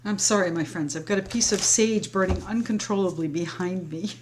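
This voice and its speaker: A woman reads tarot cards aloud in a flowing, reassuring monologue and talks to her viewers as friends. Her voice sits in a middle pitch. A faint hiss runs under the home recording. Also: fairly quick. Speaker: tarot reader. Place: home, sage burning nearby.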